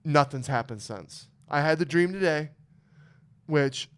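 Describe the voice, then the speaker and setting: A man's voice: fairly high pitch, a little slow, smooth. Emotional, swearing young man telling stories. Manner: emotional storytelling, heavy swearing. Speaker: podcast host. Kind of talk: casual podcast chat.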